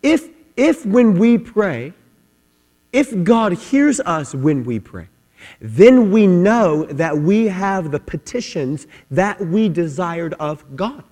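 A man's voice: high-pitched, sing-song, slow, dark tone, long reverb tail. A man preaching a sermon, impassioned, often repeating phrases and building in fervor.

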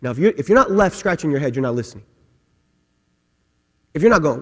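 A pastor preaching an impassioned sermon, dropping to hushed tones and then building to shouts. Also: male voice, on the high side, sing-song, fast talker, pauses often, in a large hall.

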